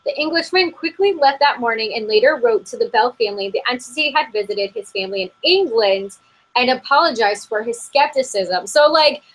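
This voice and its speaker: A woman's voice: fairly high pitch, expressive, a little fast, a bit bright, rough recording. A woman co-hosting a podcast, reading a spooky story from an article in a casual, giggly way and often saying "like". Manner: giggly, heavy use of "like". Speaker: podcast co-host. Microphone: remote call.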